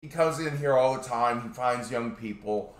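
A man's voice: medium pitch, normal speed, lightly acted. A man voicing a blunt, fed-up male restaurant manager who talks matter-of-factly. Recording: echoey room.

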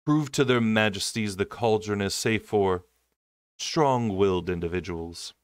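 A man voicing a cruel, mocking king, speaking slowly in a low, drawn-out tone. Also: clear, resonant tone, no echo, clean studio sound, lightly acted.

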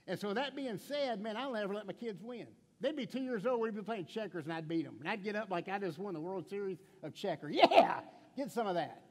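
A man's voice: high-pitched, fast talker, few pauses, long reverb tail. A middle-aged man pastor preaching a sermon in a conversational way, with stammered restarts, rhetorical questions and playful stories. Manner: playful storytelling with acted quotes. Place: church sanctuary.

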